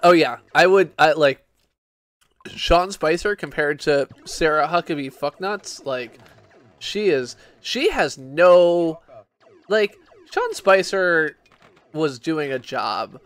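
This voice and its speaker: A man's voice: on the high side, lively intonation, takes it slowly. A drunk man streaming games, rambling and swearing in casual chat, with lots of restarts and fillers. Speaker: game streamer.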